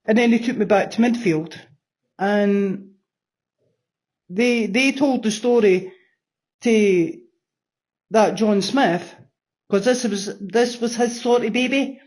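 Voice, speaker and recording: A woman's voice: medium pitch, takes it slowly, long pauses, a little mellow. A woman in her sixties giving a blunt personal testimony in an interview, swearing freely and repeating phrases for emphasis. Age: 60s. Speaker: interview guest.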